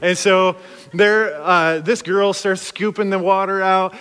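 A man preaching in a loose, storytelling way, his voice sitting a touch high for a man. He acts out every quote with big leaps in pitch and volume, and a long reverb trails each phrase as if he fills a big hall. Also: little pitch movement, takes it slowly, a bit bright, clear, resonant tone. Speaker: pastor. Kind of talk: storytelling sermon.

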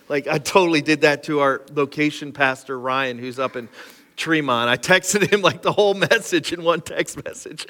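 Bright-voiced man preaching in a hall. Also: fairly high pitch, fairly quick. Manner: conversational, self-deprecating preaching with asides. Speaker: pastor. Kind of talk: sermon. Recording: live sermon with long hall reverb and faint music.

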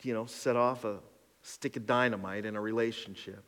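A man's voice: lowish voice, steady tone, moderate pace, a bit bright. A male pastor preaching a sermon in a conversational, emphatic way, counting off numbered points, in a church sanctuary. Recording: long hall reverb.

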